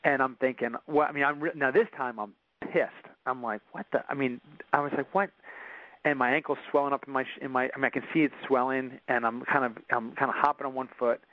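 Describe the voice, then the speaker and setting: A man's voice: medium pitch, steady tone, fast talker, hardly any pauses, no echo. A man as an interview guest, telling a personal story in earnest with frequent restarts. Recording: dull dry recording.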